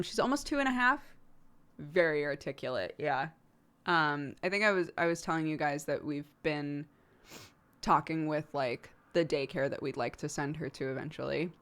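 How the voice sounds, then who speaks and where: A young woman from the United States hosts a casual livestream, chatting with her viewers and laughing often. Her voice is low-pitched with a fairly bright tone.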